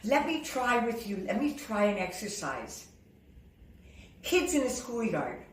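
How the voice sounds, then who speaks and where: A woman vocal coach teaching a singing lesson, talking in a lively, demonstrative way and breaking into sung and shouted examples. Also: on the high side. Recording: roomy sound, slightly distant from the mic.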